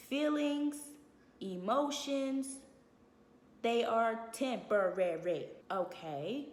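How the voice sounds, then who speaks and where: With a slightly mellow voice on the high side, a woman vlogs casual, blunt and sassy life advice, breaking into laughter from time to time. Long reverb from the echoey room surrounds her voice.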